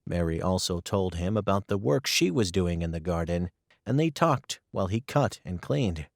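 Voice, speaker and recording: A man narrating a graded-reader audiobook in a clear, careful storytelling manner. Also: low-pitched, expressive, normal speed, dry recording, clean studio sound.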